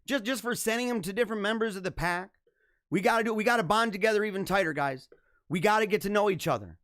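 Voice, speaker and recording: A man's voice: high-pitched, fast talker, fairly bright tone, no room sound, clean studio sound. A man hosting a livestream, talking to his viewers in an emphatic, preachy, repetitive way. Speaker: livestream host. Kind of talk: preachy motivational livestream talk. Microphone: camera mic.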